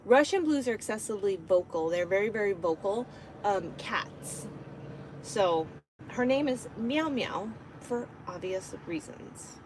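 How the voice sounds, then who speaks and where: A woman's voice: mid-range voice, expressive, a little slow, noisy background. A woman truck driver chatting casually on a live stream from inside her truck cab, talking to her viewers and her cat.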